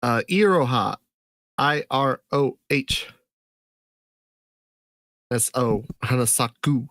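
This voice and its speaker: A man's voice: medium pitch, slow, a bit bright, no echo, studio quality. A man co-hosting a podcast in casual chat, laid-back and teasing, swearing freely. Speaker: podcast co-host.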